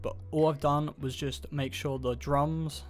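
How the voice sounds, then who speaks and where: A man casually talking through how he built a beat step by step, in a relaxed, offhand tutorial voice-over. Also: fairly high pitch, unhurried, soft background music. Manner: relaxed, offhand, loose run-on steps. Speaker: beat producer explaining his process. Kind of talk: casual screen-recorded production tutorial.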